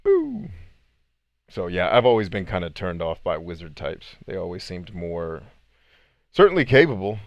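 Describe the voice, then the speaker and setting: A man casually chatting with viewers on a live game stream, animated, laughing often and swearing freely. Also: deep voice, normal speed, no room sound. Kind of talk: casual live-stream chat while gaming.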